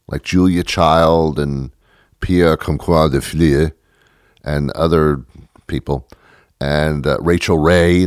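A man's voice: very deep voice, dry recording, clean studio sound. A man hosting a podcast, talking in a rambling, sarcastic comedic monologue that often stops and restarts. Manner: rambling, self-interrupting, sarcastic. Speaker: podcast host.

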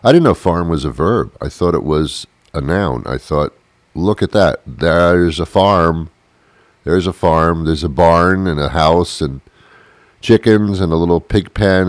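Deep-voiced man rambling deadpan jokes. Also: dry recording. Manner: deadpan, rambling, mock-confused asides. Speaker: comedian. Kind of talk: rambling comic monologue. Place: sitting on a porch outdoors.

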